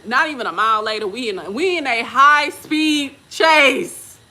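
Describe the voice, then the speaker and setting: A woman's voice: high voice, moderate pace, pushed and bright. A woman in her forties from Texas, telling travel stories in casual, slangy chat and laughing often. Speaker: vlogger and respiratory therapist.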